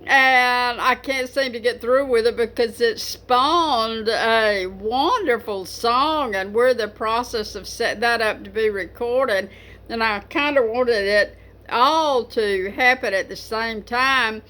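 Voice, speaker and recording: A woman's voice: fairly high pitch, slow pace, sharp tone. A woman talking casually to camera about writing poetry, rambling with many fillers and restarts. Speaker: poetry vlogger.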